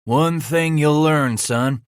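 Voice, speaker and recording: A man voicing a big, loud, swaggering frontier trapper leader in a gruff backwoods drawl, for an audiobook. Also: a little high, slow pace, no room sound, studio quality, pitched above the performer's own voice. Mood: gruff bossy.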